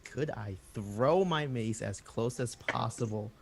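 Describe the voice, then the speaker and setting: A man's voice: mid-range voice, slow pace, vocal fry, background noise. A man playing a tabletop game, hesitantly describing his character's actions. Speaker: player.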